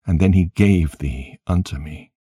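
A man's voice: deep voice, unhurried, dark tone, husky, dry recording, studio quality, heavily acted. A man voicing a grieving old patriarch who laments his son in archaic speech.

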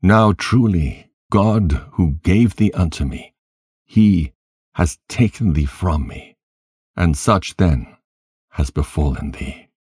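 A man putting on a heartbroken old father crying out in solemn old-fashioned speech. The deep, slow, husky voice breaks upward on the cries for his son, and the room sounds dry and close. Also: darkish tone, dry recording, exaggerated voice. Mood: grieving lament. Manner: lamenting, crying out in archaic speech.

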